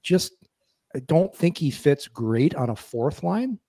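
A man's voice: on the high side, sing-song, takes it slowly, mellow, no room sound, studio quality. A man in his fifties co-hosting a casual sports chat, rambling and restarting his sentences often. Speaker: podcast co-host.

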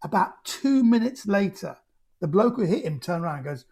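A man, a podcast guest telling stories in an animated way, full of restarts. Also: high-pitched, moderate pace, breathy edge. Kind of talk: casual storytelling.

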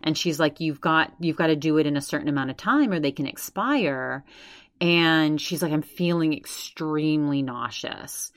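A woman's voice: deep voice, moderate pace, a bit bright, no echo, clean studio sound. A woman podcast host casually recapping another show, constantly quoting with "she's like". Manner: retells others' words with constant "she's like".

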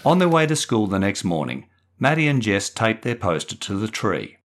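A man reading his own children's short story aloud as author and narrator, in a measured, expressive way. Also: lowish voice, very noisy.

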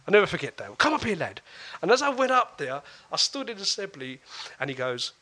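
A man speaks as an author guest on a podcast. His voice sits a little high and is bright, and it moves a lot in pitch. He tells stories in an animated way, with repeated words and casual swearing. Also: quick pace. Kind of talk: casual storytelling.

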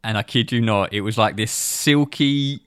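A man's voice: on the low side, moderate pace, a bit bright, smooth, no room sound, clean studio sound. A man from England co-hosting a casual podcast, telling rambling stories full of fillers and laughing at himself. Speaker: podcast co-host. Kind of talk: casual chat.

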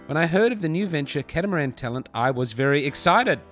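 A man with a fairly high voice hosts a comedy podcast. He reads a letter aloud in a playful way and keeps cutting in with wry asides. Faint music plays behind him. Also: animated, quick pace, fairly bright tone. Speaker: podcast host.

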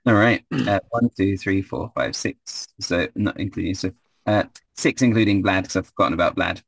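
A man's voice: low voice, normal speed, vocal fry, slightly rough, dry recording. A man running a tabletop game as game master, hesitant with many fillers.

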